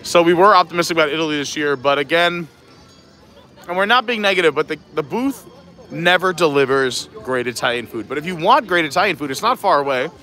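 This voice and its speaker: Live-stream host, man, high and bright, chatty with a quick laugh, out walking the park. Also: animated, soft background music. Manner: chatty, laughs often, walking while talking. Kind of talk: casual live-stream vlog chat. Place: outdoors at a theme park.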